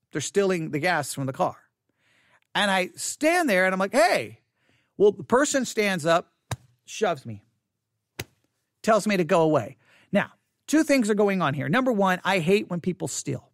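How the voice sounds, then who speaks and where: A man's voice: sits high, fairly bright tone, no room sound, clean studio sound. A middle-aged man preaching a sermon, telling a personal story candidly and repeating himself for emphasis.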